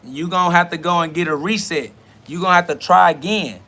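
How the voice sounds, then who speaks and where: A man with a high, ringing voice delivers an off-the-cuff sermon in street slang. He preaches emphatically and profanely, circling back on the same phrases. He speaks outdoors by a road. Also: fairly quick, pushed and bright. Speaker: self-styled spiritual podcast host. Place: outdoors beside a road with passing cars.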